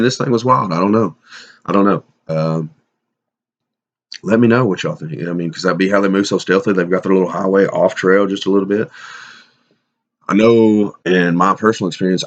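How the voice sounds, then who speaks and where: A middle-aged man telling a casual story to camera, rambling and halting, with many restarts and fillers. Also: deep voice. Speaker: bigfoot hunter sharing encounters. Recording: dull lo-fi sound.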